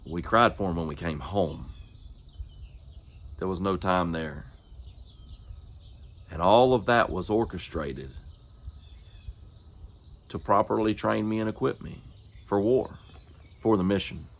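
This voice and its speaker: Deep-voiced man preaching a personal story. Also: slow, long pauses. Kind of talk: storytelling sermon.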